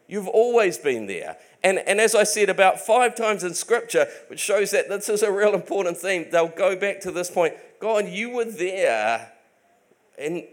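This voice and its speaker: Male preacher, high-pitched, earnest, emphatic, repeats himself, sermon delivery. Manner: earnest, emphatic, with many restarts.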